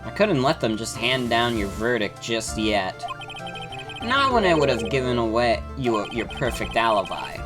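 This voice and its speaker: A woman's voice: very deep voice, big pitch swings, normal speed, music in the background. A woman voicing an earnest young male defense lawyer in a video game, speaking urgently.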